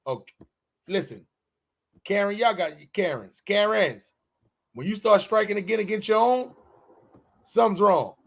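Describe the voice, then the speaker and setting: A podcast host, a man with a high voice, chatting loosely and joking. He slows down and stretches words out when he wants to make a point. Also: expressive, creaky. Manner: loose, joking, drawn-out emphatic delivery. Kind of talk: casual chat.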